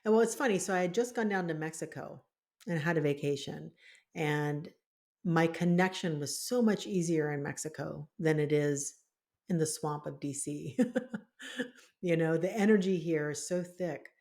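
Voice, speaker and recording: Brief: storytelling woman podcast co-host, lowish pitch, lively and laughing. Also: normal speed. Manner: animated storytelling with frequent laughs. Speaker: podcast co-host, spiritual healer. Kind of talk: casual conversational chat.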